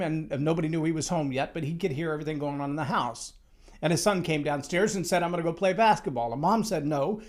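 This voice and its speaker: A man's voice: on the high side, darkish tone. A man giving a motivational talk on leadership, emphatic and storytelling, acting out the quotes he tells. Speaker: speaker on leadership.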